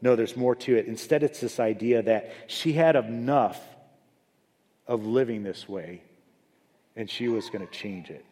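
Pastor preaching in a reverberant hall. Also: male voice, measured pace. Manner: rises loud and high for emphasis, then drops low and soft. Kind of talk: sermon.

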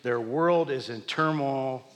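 A man preaching a sermon to his congregation, asking them questions and swinging between loud emphatic peaks and hushed low lines. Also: slow pace. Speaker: pastor. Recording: long hall reverb.

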